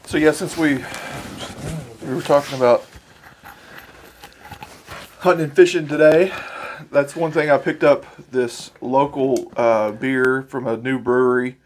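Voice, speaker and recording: A man from Arkansas, co-hosting a podcast in a relaxed, easygoing way, often pausing on fillers. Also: mid-range voice, slight background noise. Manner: relaxed, easygoing, quick to laugh, hesitant fillers. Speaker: podcast co-host. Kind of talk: casual chat.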